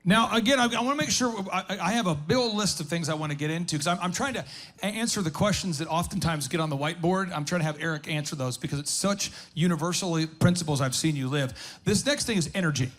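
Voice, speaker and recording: A man hosting a live business workshop, telling stories in an animated way. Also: fairly high pitch, quick pace. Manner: animated storyteller. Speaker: host.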